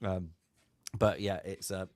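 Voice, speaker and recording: A man's voice: low voice, slow, no echo. A man co-hosting a podcast, telling family stories in casual chat and acting out the voices. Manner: animated storyteller, acts out voices. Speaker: podcast co-host.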